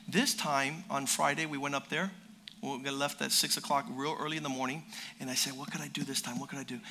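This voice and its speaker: Male pastor, high bright voice, emphatic repeating sermon delivery. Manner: drops to a quiet storytelling voice.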